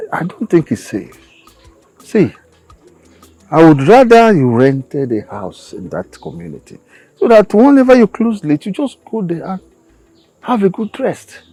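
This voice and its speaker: A man's voice: a little high, full character voice, rough recording. An actor with a Nigerian accent playing a concerned father urging his son to stay safe. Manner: gentle, concerned. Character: caring elderly father. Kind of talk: film drama acting.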